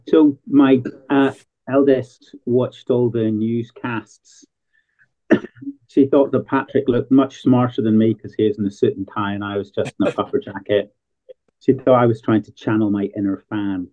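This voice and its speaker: A man from Northern Ireland, a new football club co-owner, chatting casually in an interview and telling relaxed, self-deprecating stories. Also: on the low side. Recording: tinny phone-like line.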